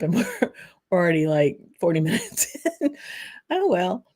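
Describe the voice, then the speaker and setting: A chatty woman with a Southern US accent hosts a relaxed whisky show, her voice sitting low for a woman. She rambles along with plenty of ums and light laughs, stopping now and then to savor a sip. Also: moderate pace, pauses often. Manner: tasting and sipping between remarks. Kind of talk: casual livestream chat.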